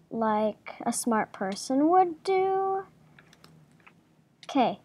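Woman gaming commentator, unhurried, slightly high voice, self-talk with soft asides. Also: breathy edge. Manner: jumpy, talks to herself, soft murmured asides. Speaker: gaming video creator. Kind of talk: casual game commentary.

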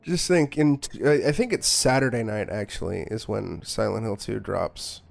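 A man streams a horror game live, offering sarcastic, mock-scared commentary and swearing freely. His voice is on the low side with vocal fry, at a normal speed.

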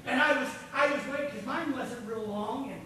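A man's voice: extremely high pitch, moderate pace, pushed and bright, a little hiss or hum. A man preaching a sermon in a church sanctuary with a folksy storytelling manner and frequent asides. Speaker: pastor. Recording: echoey church from far off.

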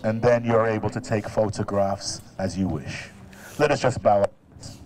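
A man leading a graveside burial prayer in a solemn, measured way, recorded outdoors. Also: fairly low pitch, steady tone, a little mellow. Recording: voice from far off the mic.

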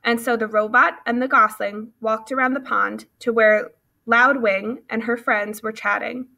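Woman reading a children's book aloud, bright voice, fairly high, steady and clear. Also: measured pace. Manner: steady, clear storytelling with small slips. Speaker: audiobook reader.

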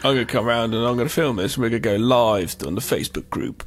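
Joking podcast co-host. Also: male voice, medium pitch, quick pace. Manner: chatty, joking, interjecting with asides. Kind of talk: casual film review chat.

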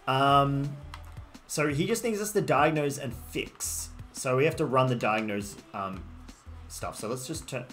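With a mid-range, fairly bright voice and a measured pace, an Australian man rambles through a relaxed game stream. He greets people in chat and replies to their messages. The sound comes from a desktop microphone, with faint music in the background.

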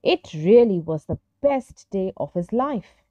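A woman narrating a children's story in a gentle, expressive storytelling manner. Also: mid-range voice, unhurried, dry recording, dull audio.

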